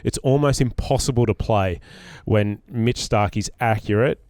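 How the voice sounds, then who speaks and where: A man's voice: fairly low pitch, normal speed, darkish tone, dry recording. An Australian man and former player telling a cricket story in casual chat, with many ums and restarts.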